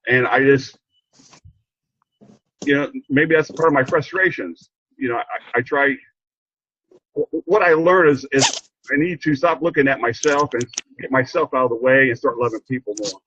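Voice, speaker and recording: An older man sharing a heartfelt story on a video call, earnest and halting, repeating himself as he gets choked up. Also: mid-range voice, fairly even intonation, fairly bright tone, highs cut off, a little hiss or hum. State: emotional, choked up. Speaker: program participant sharing a story. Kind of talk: heartfelt rambling testimony.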